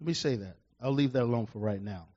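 A middle-aged male pastor preaching a sermon, building to loud emphatic bursts and slowing down to read verses. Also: mid-range voice, husky, dull audio.

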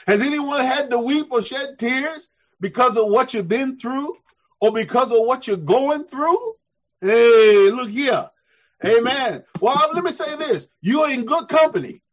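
A man preaching a sermon, talking conversationally, repeating himself and building up to shouts while he calls for amens. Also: very high-pitched, dull audio. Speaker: pastor.

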